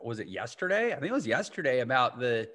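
A man's voice: medium pitch, big pitch swings, fast talker, fairly bright tone. A man hosting a podcast interview, telling rambling anecdotes with frequent self-interruptions. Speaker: podcast host. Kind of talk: casual conversational interview.

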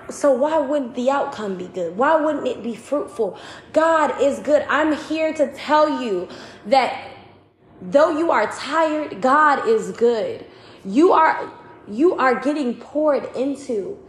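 A woman preacher giving a testimony sermon, emphatic and repetitive, with rising excitement. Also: high voice. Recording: roomy echo.

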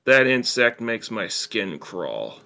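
A man's voice: on the low side, sing-song, slow pace, sharp tone, full character voice. A man voicing a tough, sarcastic teenage boy in a story he reads aloud, in a voice close to his own. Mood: gruff. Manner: sarcastic, gruff.

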